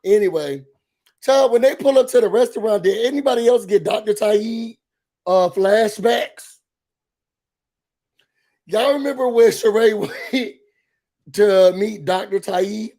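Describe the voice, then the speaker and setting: A man hosting a casual reality TV recap, gossipy and animated, talking straight to his viewers. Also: sits high, a little slow, pauses often. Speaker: reality show recap host.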